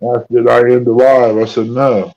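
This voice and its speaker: Unhurried folksy man, dull muffled lo-fi sound, off-mic. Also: medium pitch, level tone, a little mellow. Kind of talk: casual chat.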